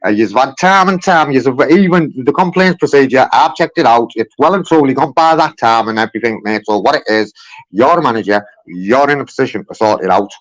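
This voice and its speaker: A man's voice: medium pitch, expressive, fairly quick, low-quality recording. A frustrated man complaining to a call centre on the phone from his car, repeating himself and calling the agent mate. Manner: frustrated, repetitive, keeps saying mate.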